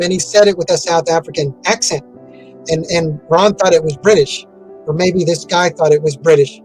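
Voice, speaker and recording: A man's voice: on the high side, moderate pace, a little mellow, faint music behind, rough recording. A man giving an interview in a casual, rambling way, with many fillers and restarts. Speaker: interview guest.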